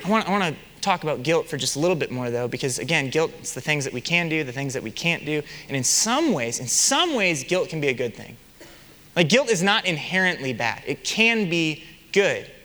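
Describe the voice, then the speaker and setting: Young male pastor, high and lively, animated sermon delivery with rhetorical questions. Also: fairly quick, long reverb tail.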